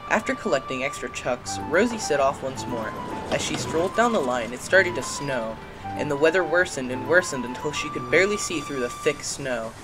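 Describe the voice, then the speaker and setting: A woman narrating a children's storybook tale in an expressive, lilting way. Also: low-pitched, moderate pace. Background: music.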